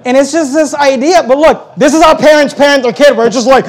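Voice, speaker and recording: Pastor, middle-aged man, high-pitched and animated, preaching with big swings from loud to hushed. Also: brisk, hardly any pauses. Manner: animated storytelling, acting out quoted voices, swings between loud and hushed. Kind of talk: sermon.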